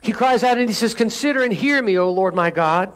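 High-voiced preaching man. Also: fairly quick, a bit bright. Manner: preaching with call-and-response asides; reads scripture with rising intensity. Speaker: pastor. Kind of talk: sermon.

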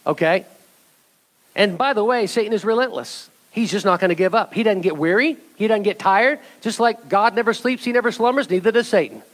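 A man's voice: high-pitched, brisk, a bit bright, rough recording. A man pastor preaching a sermon, talking straight to his congregation and building to fervent exhortation. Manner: rising to fervent exhortation, addressing the church.

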